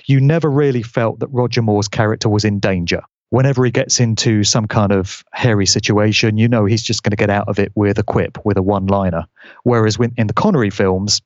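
A man explaining at length in a measured, conversational way. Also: fairly low pitch, a little mellow, dry recording. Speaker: guest commentator. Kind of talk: conversational commentary. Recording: dull lo-fi audio.

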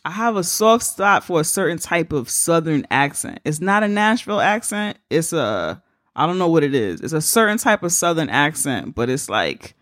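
A young woman co-hosting a podcast, chatting casually with a playful, laughing edge. Her voice sits a bit low but swings widely in pitch. The recording is close and dry. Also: big pitch swings, moderate pace, a bit bright, no room sound. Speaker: podcast co-host. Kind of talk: casual chat. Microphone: podcast microphone.

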